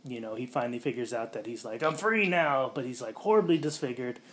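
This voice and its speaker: A man hosting a casual podcast, rambling through a movie plot with lots of fillers and quick voiced-out quotes. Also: medium pitch, mellow. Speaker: podcast host.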